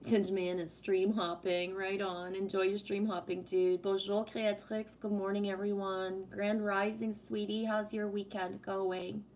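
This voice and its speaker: A woman hosting a relaxed livestream and talking straight to her viewers. Her voice is projected and strong, her pitch sits in a middle range, and she is fond and familiar with the chat. A faint ambient hum sits under her voice. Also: a little slow, hardly any pauses. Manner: affectionate, calls viewers sweetie. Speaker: livestream host reading chat. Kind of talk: casual live-stream chat with viewers.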